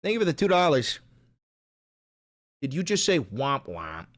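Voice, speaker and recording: Higher-voiced man joking through a livestream. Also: huge pitch swings, measured pace. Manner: joking, swearing, jumping into silly voices. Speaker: livestream host. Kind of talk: casual livestream chat reading viewer comments.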